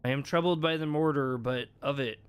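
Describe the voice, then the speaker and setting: A man's voice: medium pitch, a little fast, smooth, natural voice. A man voicing a sly, evasive talking tree that speaks in faux-Olde English in a video game.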